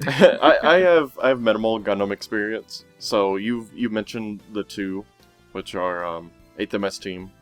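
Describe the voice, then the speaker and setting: A man's voice: fairly low pitch, unhurried, faint music behind. A man co-hosting a casual podcast chat, laid-back, laughing often and restarting his sentences. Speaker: podcast co-host.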